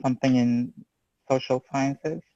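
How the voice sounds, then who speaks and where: A man introducing himself on a video call, halting with fillers and restarts. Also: mid-range voice, steady tone, warm tone, no echo. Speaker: researcher seeking a postdoc. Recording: dry, dull lo-fi call audio.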